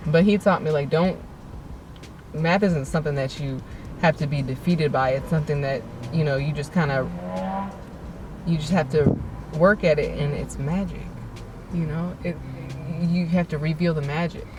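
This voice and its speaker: A young woman, an interview guest and nursing graduate, telling her story in an animated, emotional way with frequent restarts. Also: deep voice, normal speed, long pauses, recorded from a distance, noisy background.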